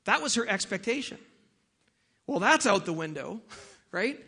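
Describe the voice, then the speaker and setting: A man preaching a sermon as pastor, opening with a soft, lowered prayer and moving into a casual, conversational Bible talk. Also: big pitch swings, measured pace, slightly rough.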